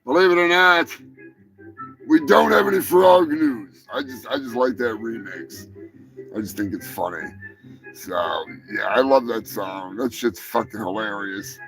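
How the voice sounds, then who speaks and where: A man's voice: on the low side, expressive, measured pace, soft background music. A man hosting a live comedy podcast, joking crudely and swearing a lot. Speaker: podcast host. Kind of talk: casual comedic live show.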